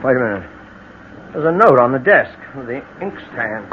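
An actor playing a guilt-ridden murderer husband, jittery and swinging from bluster to panic, in 1940s radio acting style. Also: male voice, mid-range voice, big pitch swings, normal speed, close to an everyday voice. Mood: nervous. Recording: dull old radio broadcast, faint hiss.

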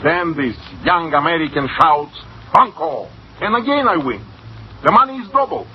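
A man's voice: a little high, expressive, moderate pace, close to an everyday voice. A man playing a wheedling sly cashier. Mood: pleading. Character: meek, sly male cashier and bookkeeper. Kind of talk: 1940s radio acting. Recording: dull lo-fi old radio recording with faint hiss.

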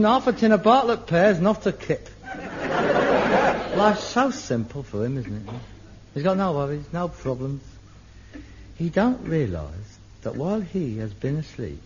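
A middle-aged man, acting in an old TV sitcom, theatrical and excitable, muttering one moment and ranting the next. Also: a little high. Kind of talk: 1960s-70s TV sitcom acting. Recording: lo-fi archive TV sound with faint hiss.

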